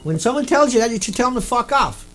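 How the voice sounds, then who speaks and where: A man's voice: very high-pitched, animated, fast, fairly bright tone, slight background noise. A man delivering an angry, repetitive rant, swearing often as he talks to his viewers. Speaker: video blogger.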